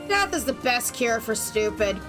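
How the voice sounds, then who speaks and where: A woman reading game text aloud, voicing a fierce, vulgar old grandmother who talks in a gruff, scolding way. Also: a little high, big pitch swings, moderate pace, over music. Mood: furious.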